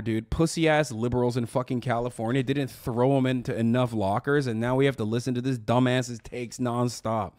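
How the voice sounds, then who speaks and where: A man's voice: mid-range voice, no echo, clean studio sound. A man in his thirties reacting to a video as a streamer, sarcastic and mocking, ranting with lots of swearing. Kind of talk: casual profane reaction commentary.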